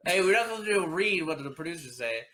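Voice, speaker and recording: A man's voice: fairly high pitch, expressive, quick pace, sharp tone. A man co-hosting a casual movie chat, joking and laughing often. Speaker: podcast co-host.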